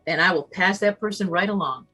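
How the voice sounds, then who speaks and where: A woman's voice: lowish voice, fairly quick, pushed and bright, slightly rough, soft background music. A middle-aged woman who hosts a long-running radio talk show, speaking as a guest, confident and service-minded. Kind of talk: guest interview on a live video show.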